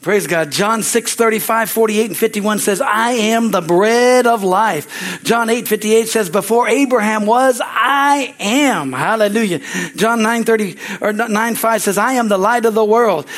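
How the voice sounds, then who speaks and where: Male pastor, high voice, fiery sermon, repeats lines, calls for amens. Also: normal speed. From United States. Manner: excitable preaching, rising to loud exclamations.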